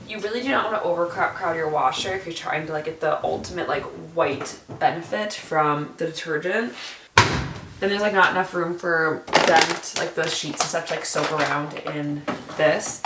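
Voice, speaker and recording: A young woman vlogging casually at home while doing chores, chatty and full of likes, often dropping to a soft whisper. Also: low voice, normal speed, a little hiss or hum. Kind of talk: casual vlog chat.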